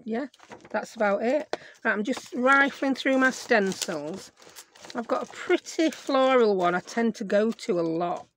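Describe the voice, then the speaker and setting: A woman hosting a crafting tutorial, her voice croaky, chatting and thinking aloud as she works at her craft desk at home. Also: fairly high pitch, measured pace, a little hiss or hum. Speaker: craft video host.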